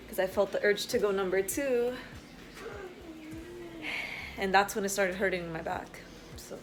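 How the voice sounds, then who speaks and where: A young woman chatting casually to the camera while in labor, giggly and excited, pausing through contractions. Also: medium pitch, poor audio. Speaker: vlogger. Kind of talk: casual vlog chat.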